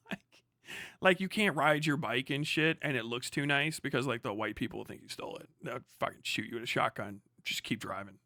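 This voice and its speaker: A man's voice: medium pitch, normal speed, pushed and bright, dry recording, clean studio sound. A young American man hosting a livestream, ranting in casual, profane, sarcastic commentary with frequent laughter. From United States. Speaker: livestream host.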